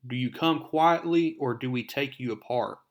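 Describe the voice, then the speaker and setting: A man's voice: medium pitch, moderate pace, close to an everyday voice. A man voicing a firm, commanding male team leader from a comic book.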